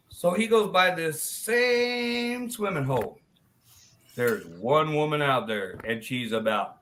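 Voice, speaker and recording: A man hosting a casual live stream tells a long, crude joke in an animated, profane way. His voice is high and bright, and it rises and falls a great deal. A faint noise sits behind him.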